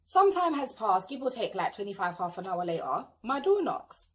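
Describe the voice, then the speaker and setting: A woman's voice: medium pitch, very animated, moderate pace. A young British woman with a sassy, indignant manner, telling a storytime vlog. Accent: British English. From England. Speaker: vlogger.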